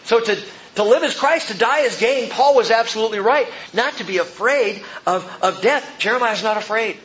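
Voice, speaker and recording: A man preaching a sermon as pastor, swinging between loud emphatic peaks and quiet low asides. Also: normal speed, few pauses, dull audio, a little hiss or hum. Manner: animated preaching, rising and dropping sharply for emphasis.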